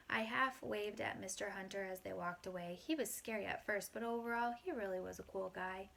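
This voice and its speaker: A woman reading a first-person children's story aloud in a plain, unhurried way. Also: medium pitch, vocal fry, fairly bright tone. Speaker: audiobook reader.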